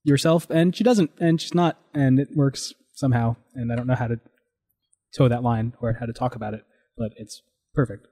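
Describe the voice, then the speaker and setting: A man co-hosting a casual film commentary, explaining technical details in a quick, halting way. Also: medium pitch, steady tone, mellow. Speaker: podcast co-host.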